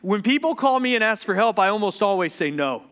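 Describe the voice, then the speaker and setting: A man in his thirties preaching a sermon, telling funny, confessional stories that turn quiet and tender. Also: high voice, expressive, fairly quick, clean tone. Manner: humorous, confessional storytelling that turns quiet and tender. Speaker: pastor.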